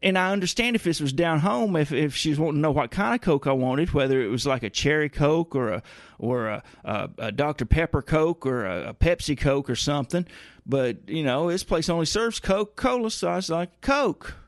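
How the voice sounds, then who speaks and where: A man spins a rambling comic yarn as a radio host, folksy and grumbling under his breath between tangents. His voice sits a bit high for a man, and the studio mic sounds close and dry. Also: animated, fairly quick, no room sound. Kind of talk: comedic rambling monologue.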